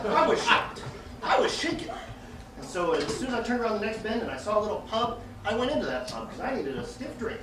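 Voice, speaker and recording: Male stand-up, lively pitch swings, animated; distant, roomy, noisy live stage capture. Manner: animated storytelling, shocked asides. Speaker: comedian. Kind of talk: stand-up joke telling. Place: theater stage. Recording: echoey live stage, far mic, noisy.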